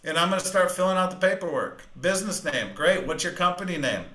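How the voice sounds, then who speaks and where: A man giving a live sales training talk, fast-talking, energetic and emphatic. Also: high voice, echoey room, low-quality recording.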